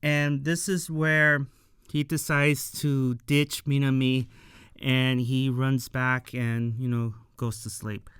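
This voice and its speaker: A man's voice: fairly high pitch, fairly bright tone, clean tone, no echo, studio quality. A man giving a casual recap of a TV episode to his viewers. He talks in a chatty way, with plenty of fillers, and asks his audience questions. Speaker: show reviewer.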